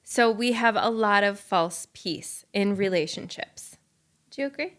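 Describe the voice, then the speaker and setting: A woman's voice: mid-range voice, a little slow, fairly bright tone. Female podcast co-host from Minnesota, earnest and thoughtful in casual talk.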